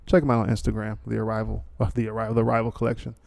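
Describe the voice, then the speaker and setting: A man's voice: on the low side, monotone, very fast, vocal fry, a little mellow. A man hosting a podcast in a rambling, joking monologue, full of fillers and asides. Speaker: podcast host. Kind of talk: casual monologue with a read sponsor ad.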